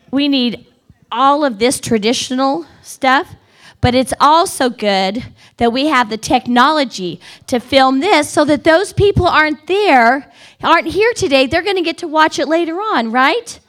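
A middle-aged woman telling a funny personal story to a live audience, animated and dramatic, building tension with repeated phrases. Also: a little slow. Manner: animated, dramatic, repetitive build-up with wailing high quotes. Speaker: speaker at a women's gathering.

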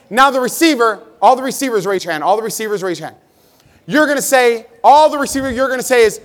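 A man leading a live motivational seminar at a sales convention, energetically shouting directions to the crowd. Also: very high voice, lively intonation, fast talker. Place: large convention hall with a crowd. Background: crowd of hundreds.

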